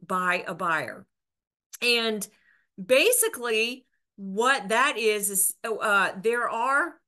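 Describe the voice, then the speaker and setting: Bright-voiced woman explaining broker rules. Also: fairly high pitch. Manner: earnest, with restarts and filler words. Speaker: real estate broker and instructor. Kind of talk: educational explainer to camera.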